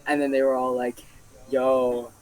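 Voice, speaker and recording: A man's voice: a little high, normal speed, poor audio. A young man casually telling a story on a podcast, rambling and full of fillers. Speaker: podcast co-host.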